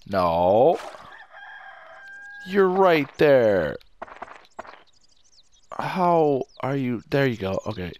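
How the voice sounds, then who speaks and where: A man's voice: medium pitch, very animated, extremely slow, pauses often, darkish tone, a little hiss or hum. A young man doing casual gameplay commentary, playful and goofy, talking to the fish on screen. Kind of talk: casual let's play commentary.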